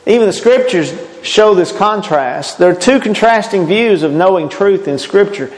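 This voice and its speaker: A man's voice: high-pitched, expressive, moderate pace. Emphatic man preaching in a reverberant hall. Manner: earnest, emphatic, with frequent restarts. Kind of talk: sermon.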